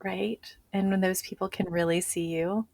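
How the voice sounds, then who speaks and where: A woman's voice: mid-range voice, steady tone, moderate pace, vocal fry, darkish tone, dry recording. A woman doctor hosting a podcast who sums up and affirms what her guest says. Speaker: podcast host, physician. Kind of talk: casual interview.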